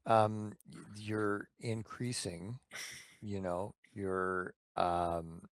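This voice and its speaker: A man co-hosting a podcast, answering slowly and hesitantly in casual chat. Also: lowish voice, flat delivery. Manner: unhurried, hesitant, with fillers. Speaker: podcast co-host.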